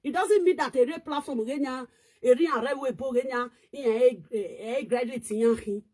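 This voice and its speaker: A woman's voice: high-pitched, normal speed, a little mellow, breathy edge. A woman with a Nigerian Pidgin accent, ranting and scolding in casual online commentary, switching between languages.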